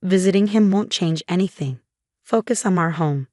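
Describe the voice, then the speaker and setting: A woman reading the lines of a cold, demanding husband in a flat, even way. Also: on the low side, normal speed, no room sound, clean studio sound, natural voice. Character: cold controlling husband, adult man.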